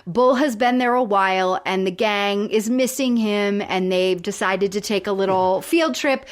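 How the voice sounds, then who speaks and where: Woman podcast co-host, mid-pitch voice, casual explainer, fills gaps with "um" and "like". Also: a little slow. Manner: explanatory, lots of fillers and restarts. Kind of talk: casual chat.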